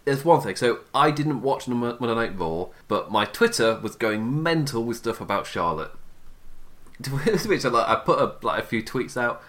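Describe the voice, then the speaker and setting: A man's voice: mid-range voice, lively intonation, moderate pace, fairly bright tone. A young man hosting a casual wrestling podcast, rambling and restarting his sentences and often laughing at himself. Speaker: podcast host.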